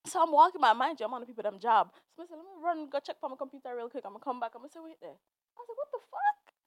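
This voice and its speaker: Her voice is high and fairly bright, and she talks very fast on a dry recording. This young woman runs a podcast on her own, and in a casual monologue she shares a personal story with candor and profanity, teary yet laughing through her tears.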